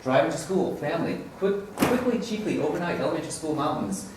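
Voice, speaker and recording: On the high side and animated, a man's voice moves at a quick pace as he presents at a teaching conference. He's casual and rambling, chuckling and often correcting himself. Roomy sound with faint hiss comes from a distant mic in the conference room.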